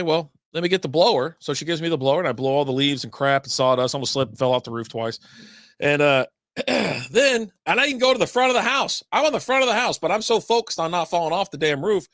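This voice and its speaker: A man's voice: on the high side, a little fast, fairly bright tone, no echo, studio quality. A man hosting a casual podcast, rambling through long stories with lots of asides and fillers. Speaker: podcast host. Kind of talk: casual beer podcast monologue.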